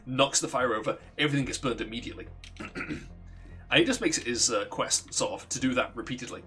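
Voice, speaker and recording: A man's voice: medium pitch, fast, pushed and bright, faint music behind. A young man streaming, casually telling a long backstory, profane and often restarting his sentences. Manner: rambling, profane, self-interrupting. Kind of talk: casual storytelling on a livestream.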